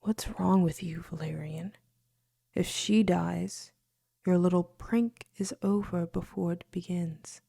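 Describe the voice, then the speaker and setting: A cruel young faerie prince from an audiobook, scornful and sneering, as a woman reader puts him on. He speaks in a hushed, slow murmur at a lowish pitch. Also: fairly even intonation, gravelly, breathy edge, heavily acted.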